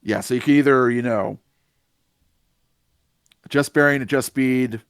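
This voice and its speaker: A man serving as game master for a tabletop session, calmly talking through movement and combat rules. His voice sits at an ordinary middle pitch. The sound is close and dry, with no room around it. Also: unhurried, clean tone, no echo. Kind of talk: running a tabletop game over voice chat.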